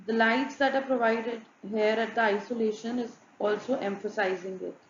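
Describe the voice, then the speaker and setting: A woman narrating a student design presentation, listing examples in a flat, repetitive way. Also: on the high side, normal speed, slight background noise. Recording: muffled, echoey room with faint ambience.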